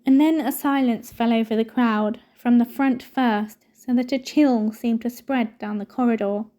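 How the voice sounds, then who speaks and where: A woman reading a novel aloud in a steady storytelling manner. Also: on the high side, a little slow. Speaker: reader.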